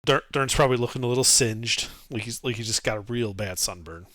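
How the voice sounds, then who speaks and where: A man playing a tabletop game, talking in a lively, hesitant way with many fillers. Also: medium pitch, brisk, no room sound. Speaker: player.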